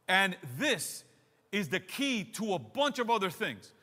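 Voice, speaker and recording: Male pastor, high bright voice, emphatic sermon with repeated phrases, long church reverb. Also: animated, moderate pace. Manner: emphatic, repeats phrases, addresses the congregation directly. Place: church sanctuary.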